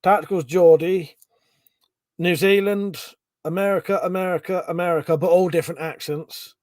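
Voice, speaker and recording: Male streamer, casual and chatty, slightly high pitch, dry close sound. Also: steady tone, moderate pace, a little mellow, dry recording. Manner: chatty, reads out viewer comments, swears casually. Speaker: livestream host. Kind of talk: casual livestream chat.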